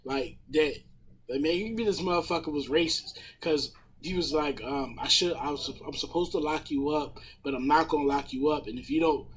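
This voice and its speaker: Husky man, slightly high voice, profane storyteller on a podcast couch. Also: moderate pace. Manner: profane, animated retelling of a story. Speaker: podcast panelist. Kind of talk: casual storytelling chat.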